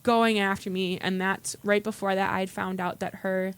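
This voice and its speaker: A woman's voice: medium pitch, flat delivery, moderate pace, clear, resonant tone. Woman, workshop participant, earnest storyteller, mid-range voice, plain room. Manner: earnest, recounts dialogue in quotes. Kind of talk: telling a personal story. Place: meeting room.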